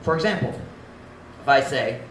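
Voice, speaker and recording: A man who is a pastor, preaching an animated sermon that mixes English and Cebuano and acts out harsh tones of voice. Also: medium pitch, moderate pace, echoey room, a little hiss or hum, low-quality recording. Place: church sanctuary.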